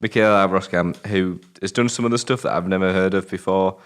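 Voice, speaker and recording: British man, very low voice, quick rambling speech, casual film chat, swears a lot. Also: steady tone, clean tone. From Britain. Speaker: film review show co-host.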